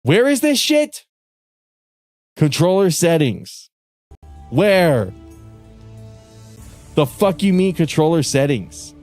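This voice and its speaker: A young male streamer in a casual livestream rant, cursing and venting in frustration with bursts of yelling. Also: a little high, very animated, slow, pauses often, soft background music. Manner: frustrated, profane ranting with bursts of yelling and laughter.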